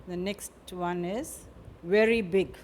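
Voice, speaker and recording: A woman teaches vocabulary at an unhurried pace, saying each word and its example twice. She often closes a point with a tag question. Faint noise sits under her voice. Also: on the low side, fairly even intonation, a little mellow. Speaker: English teacher. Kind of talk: vocabulary lesson.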